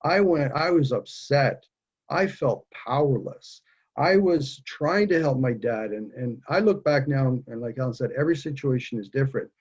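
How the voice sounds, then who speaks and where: Husky-voiced man talking earnestly on a call. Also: mid-range voice, lo-fi sound. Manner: earnest, halting, many restarts. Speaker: guest speaker. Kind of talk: candid personal conversation.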